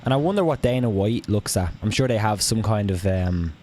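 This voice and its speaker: Halting man asking questions on a live chat. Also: fairly low pitch, lively intonation, darkish tone, slight background noise. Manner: asks questions, halting with fillers. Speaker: MMA show co-host. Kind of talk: casual live-stream chat.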